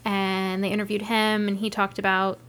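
A woman's voice: mid-range voice, little pitch movement, moderate pace, fairly bright tone. A woman co-hosting a podcast in casual chat, chatty and amused as she shares trivia. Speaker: podcast co-host.

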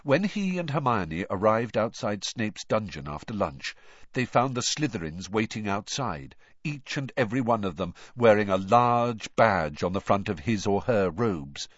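A man narrating a story aloud with expressive, animated storytelling. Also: lowish voice, no room sound. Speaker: audiobook narrator. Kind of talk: scripted narration. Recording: dull dry lo-fi audio.

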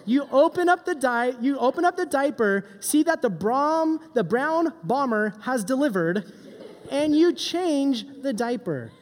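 A middle-aged man giving a joking, animated youth sermon as a pastor. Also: very high voice. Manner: joking, animated, does silly voices. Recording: long hall reverb.

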